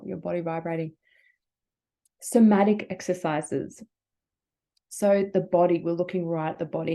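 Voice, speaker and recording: Australian woman, yoga teacher, guided breathing, warm relaxed tone, encouraging. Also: fairly low pitch. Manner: gentle, encouraging, casual filler-heavy guidance. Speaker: workshop facilitator and yoga teacher.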